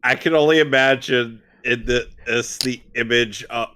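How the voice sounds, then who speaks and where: A man's voice: medium pitch, fairly even intonation, moderate pace, sharp tone, clear, resonant tone. A man co-hosting a watch-along show, reacting with mocking, crude commentary. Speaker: podcast co-host. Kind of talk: casual riffing commentary.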